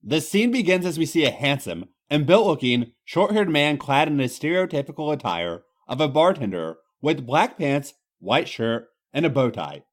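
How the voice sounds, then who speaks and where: A man's voice: on the high side, big pitch swings, moderate pace, hardly any pauses, faint music behind. A man hosting a comedy show, reading a story aloud in a theatrical, mock-dramatic style. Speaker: host reading fan fiction aloud.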